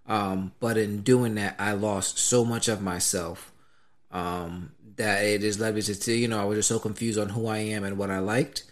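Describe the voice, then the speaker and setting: Low-voiced guy hosting a podcast, earnest and reflective, says man a lot. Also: fairly even intonation, moderate pace. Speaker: podcast host. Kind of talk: casual chat.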